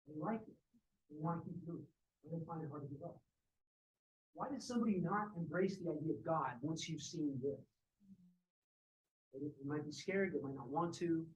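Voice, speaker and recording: A man giving a university physics lecture, telling lively stories about his colleagues. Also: a little high. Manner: lively storytelling, acts out quoted colleagues. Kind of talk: university lecture with personal anecdotes. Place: lecture room. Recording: distant mic with faint background noise.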